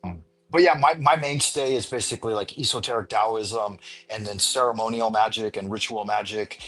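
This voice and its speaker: A man hosting a live stream panel, talking in a rambling, playful way with many restarts. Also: lowish voice. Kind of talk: casual chat.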